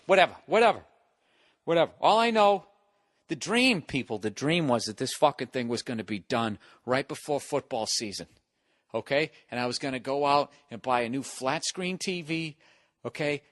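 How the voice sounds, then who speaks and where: A man's voice: mid-range voice, fairly bright tone, no room sound, studio quality. A man hosting a podcast from his home, delivering a profane, exasperated solo rant. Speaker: podcast host. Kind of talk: solo ranting monologue.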